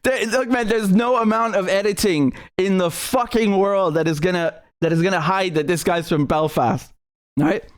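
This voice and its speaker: A man's voice: high-pitched, fairly even intonation, moderate pace, smooth, dry recording, clean studio sound. A man from Britain giving indignant commentary, outraged, profane and repetitive. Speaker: political commentator.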